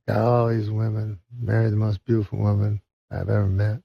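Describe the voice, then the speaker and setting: Boastful folksy barfly, a gravelly man telling it, low and drawling. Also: little pitch movement, fairly quick, no room sound, lo-fi sound. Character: boastful male bar patron with genie wishes.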